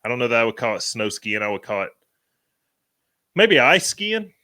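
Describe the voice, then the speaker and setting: A man, co-hosting a podcast and telling animated stories in rural slang. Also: mid-range voice, normal speed, no echo. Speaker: podcast co-host. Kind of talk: casual storytelling chat.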